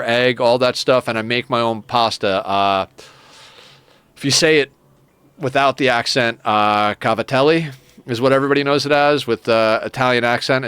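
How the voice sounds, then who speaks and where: A man's voice: medium pitch, a bit bright, smooth, no echo. Swearing, rambling young man streamer. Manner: profane, rambling, enthusiastic. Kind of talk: casual chat while playing a game.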